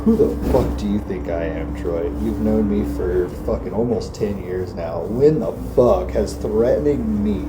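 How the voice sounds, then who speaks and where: A man's voice: mid-range voice, mellow, slight background noise, rough recording. A man delivering an angry, profane, confrontational rant at a friend.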